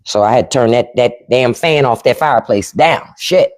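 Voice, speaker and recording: A woman's voice: a bass voice, moderate pace, a little mellow. A woman hosting a livestream, ranting with sarcastic, profane commentary. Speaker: livestream host. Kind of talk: casual livestream rant.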